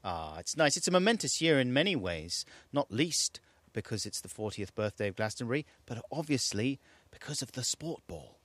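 A man's voice: medium pitch, normal speed, dry recording. A man co-hosting a radio show, joking and teasing in casual banter. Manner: playful, teasing, lively. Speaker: radio co-host. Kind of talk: casual comedic radio chat.

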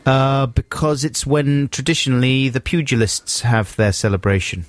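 A man's voice: medium pitch, fairly even intonation, normal speed, dry recording. A man co-hosting a radio comedy show, rambling playfully through anecdotes. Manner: rambling, playful, lots of filler. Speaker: radio host. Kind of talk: casual comedy radio chat.

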